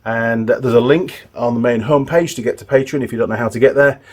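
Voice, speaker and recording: A man's voice: mid-range voice, fast talker. A middle-aged man hosting a motorbike repair tutorial, chatting in a loose, rambling way with restarts and asides. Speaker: motorbike mechanic and channel host. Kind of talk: casual workshop tutorial.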